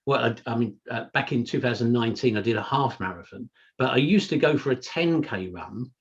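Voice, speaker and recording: A man's voice: mid-range voice, a little fast. Chatty man, muffled call audio. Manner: chatty, anecdotal, frequent "you know". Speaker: podcast co-host. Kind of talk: casual chat.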